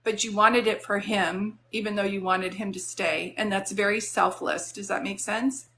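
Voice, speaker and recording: A woman's voice: medium pitch, steady tone, moderate pace, bright, forceful tone, a little hiss or hum. A woman working as a psychic medium, giving a live-stream reading in a soothing, reassuring, chatty way.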